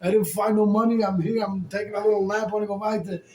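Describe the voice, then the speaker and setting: A bewildered, innocent man protests and pleads in a high, strained voice, as a male storyteller acts him out. The voice echoes around the room over a faint background hum. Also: level tone, fast talker, darkish tone, recorded from a distance, close to an everyday voice. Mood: pleading.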